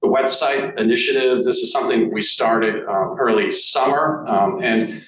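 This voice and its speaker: A man with a Boston accent giving a board report at a meeting, halting with many fillers and restarts. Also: mid-range voice, a bit bright. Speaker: board director speaking at annual meeting. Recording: echoey room, mic at a distance, faint noise.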